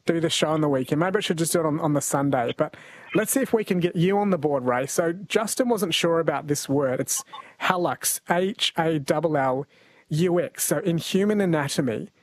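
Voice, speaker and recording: Chatty Australian radio quiz host. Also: male voice, fairly high pitch, normal speed, dry recording. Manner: chatty, jokey, laughs often. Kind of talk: late-night radio quiz hosting. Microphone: studio mic.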